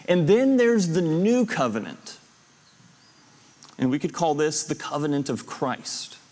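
A man with a fairly high voice teaches a Bible class, laying out his points step by step and circling back to recap them. He pauses to put questions to the students in the room. His voice rings with the long reverb of a hall. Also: a little mellow. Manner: explanatory, recaps lists and repeats points.

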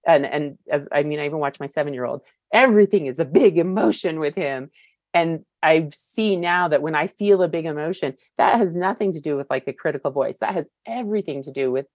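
A woman's voice: low voice, darkish tone, no echo. A woman in her fifties giving a personal recovery share, candid and searching, with many fillers and casual swearing. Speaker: recovery meeting speaker.

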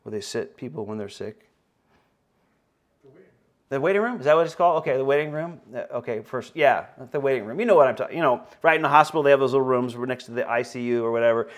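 Pastor guy telling a story in a sermon, stumbles and repeats himself a lot, plain mid-pitched voice. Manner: halting, repeats words, rises to raised voice at emotional points.

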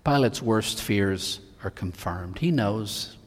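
A man preaching a sermon, acting out the Bible figures' lines with sudden swings between soft and loud. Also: fairly low pitch, animated, slow, long reverb tail.

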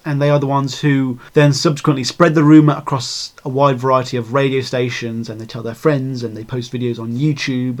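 A man narrating a video essay in an irreverent, sardonic way, swearing freely. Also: mid-range voice.

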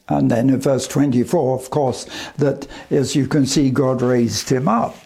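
A male evangelist preaching a sermon, slow and deliberate, with emphatic pauses between phrases. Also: mid-range voice, fairly even intonation, creaky, warm tone.

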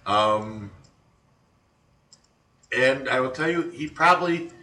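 A man's voice: mid-range voice, lively intonation, slow pace, sharp tone, reverberant, recorded from a distance, poor audio. A man co-hosting a casual chat, rambling with frequent ums and restarts. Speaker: podcast co-host.

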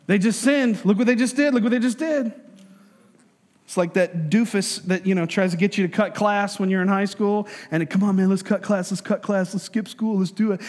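A man's voice: sits high, in a large hall. A man preaching a sermon as a pastor, conversational and joking, acting out voices to make his points.

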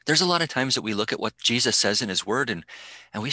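Bright-voiced man hosting a faith podcast. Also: mid-range voice, expressive, fast talker, no room sound. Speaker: podcast host. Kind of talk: scripted podcast intro and discussion.

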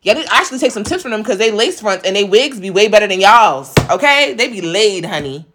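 A woman's voice: mid-range voice, lively intonation, a little fast, background noise. A thirty-year-old woman in casual chat, talking in a blunt, profane and emphatic way.

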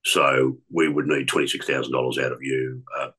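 A man doing a formal credit company officer, pitched well below his own voice, with a bright edge. The officer talks stiffly and haltingly, with ums. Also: flat delivery, husky, heavily acted. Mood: official.

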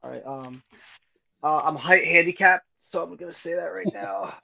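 A man telling a casual story on a podcast, animated and acting out both sides of it. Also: a little high, normal speed, creaky. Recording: muffled lo-fi audio.

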